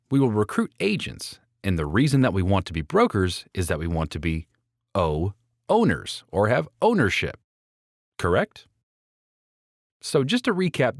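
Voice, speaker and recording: This audiobook features a man with a somewhat low voice reading his own book, recorded in studio quality with no echo. He aims to persuade, talking right to the listener.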